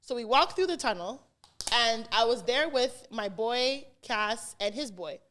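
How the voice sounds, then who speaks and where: Casting: woman podcast co-host, lively casual storyteller, slightly high voice, curses freely. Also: unhurried. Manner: animated, swearing, acts out quotes of others.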